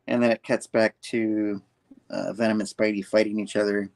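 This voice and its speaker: A man's voice: lowish voice, flat delivery, moderate pace, vocal fry. A man hosting a podcast, casually retelling a comic book with lots of fillers and restarts. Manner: rambling, filler-heavy retelling. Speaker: podcast host.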